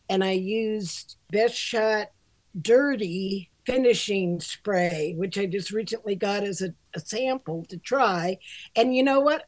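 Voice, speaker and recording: A woman's voice: medium pitch, darkish tone, no room sound. An older woman co-hosting a grooming podcast, chatting casually, self-deprecating and frank, laughing often and swearing freely. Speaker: podcast co-host, dog groomer and shop owner. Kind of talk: casual chat.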